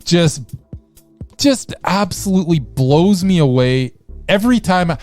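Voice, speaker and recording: A man's voice: high voice, lively intonation, a little slow, darkish tone, soft background music. A man co-hosting a film review podcast, chatting casually and enthusiastically. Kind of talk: casual chat.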